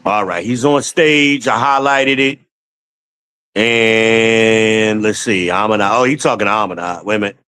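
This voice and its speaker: A man's voice: lowish voice, measured pace, bright, forceful tone, rough recording. A man hosting a livestream. He reads chat aloud, cusses freely, laughs often and calls his viewers y'all. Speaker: livestream host reading chat. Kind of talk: casual livestream commentary.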